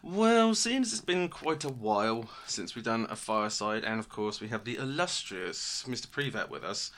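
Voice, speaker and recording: A man co-hosting a podcast, casual and quick to laugh, swearing now and then. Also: medium pitch, sharp tone. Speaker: podcast co-host. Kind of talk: casual chat.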